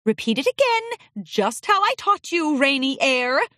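A woman's voice: high voice, big pitch swings, measured pace, sharp tone, no room sound, studio quality, voice pushed up, exaggerated voice. A woman voicing a strict, stern female unicorn headmistress in a storybook reading, speaking in a clipped, tight-jawed manner.

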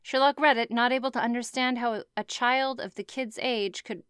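A woman's voice: fairly high pitch, fairly even intonation, normal speed, fairly bright tone, smooth, dry recording, clean studio sound. A woman reading a story aloud, breaking off to make sarcastic, swearing comments. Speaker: fan fiction reader.

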